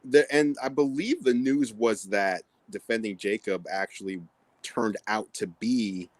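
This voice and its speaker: A man joining a livestream over a video call, chatting casually and calmly standing by his opinions. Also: on the low side, a little slow, dry recording, low-quality recording. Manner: relaxed, defends his opinions. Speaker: guest. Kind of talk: casual chat.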